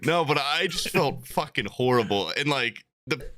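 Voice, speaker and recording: A man's voice: mid-range voice, expressive, moderate pace, sharp tone, a little hiss or hum. A young man telling a story in casual podcast chat over a video call, acting out the voices he quotes. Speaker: podcast co-host.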